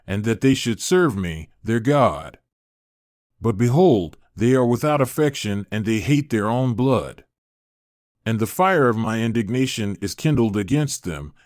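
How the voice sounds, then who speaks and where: A man voicing God as a stern, sorrowing eternal deity in a scripture reading, in grave, measured declarations. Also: fairly low pitch, a little mellow, no room sound, clean studio sound, lightly acted.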